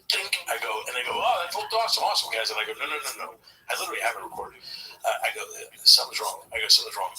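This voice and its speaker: Fast, rambling male storyteller. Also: fairly low pitch, bright, forceful tone, recorded from a distance, low-quality recording. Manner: rambling storyteller with many restarts. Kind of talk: casual chat.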